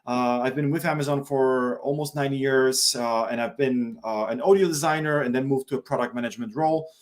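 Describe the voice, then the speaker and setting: A man from Poland speaking as a guest in a casual webinar, halting and often repeating words, over a video call. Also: mid-range voice. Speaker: product manager guest.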